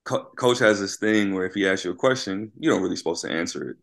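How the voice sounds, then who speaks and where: A man with a very low voice tells an animated basketball story in a casual interview. He is a former college player who now coaches high school, and he keeps checking in with his listener. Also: fast talker, creaky.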